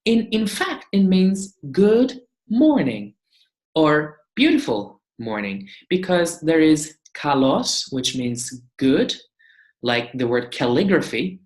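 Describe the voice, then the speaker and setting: A woman teaching a beginner language lesson, saying each word several times and explaining it patiently. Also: low voice. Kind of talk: slow beginner lesson with repeated drills. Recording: echoey room.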